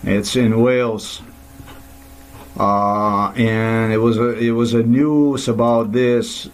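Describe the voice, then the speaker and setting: A man's voice: medium pitch, fairly even intonation, slow. A man delivering an angry, profane, rambling monologue to the camera, often restarting his sentences.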